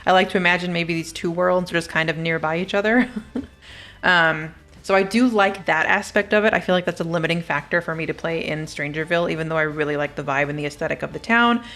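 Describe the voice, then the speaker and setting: Bubbly low-voiced young woman. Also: fast talker, fairly bright tone. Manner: bubbly, gasping and giggling. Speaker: gaming YouTuber. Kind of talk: casual trailer reaction.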